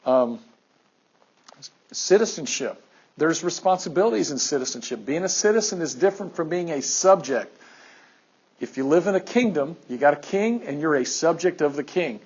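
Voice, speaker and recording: A man teacher giving an animated classroom lecture, firing questions at his students. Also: on the high side, moderate pace, husky, dull audio.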